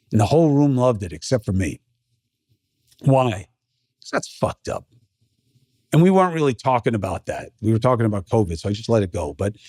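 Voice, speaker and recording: A middle-aged man talks straight into the mic in a blunt, emphatic podcast monologue. His pitch sits in an ordinary male middle range. The sound is close and dry, with no room around it. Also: a little mellow, no echo. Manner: blunt, conversational, emphatic, swears. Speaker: podcast host. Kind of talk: opinion monologue.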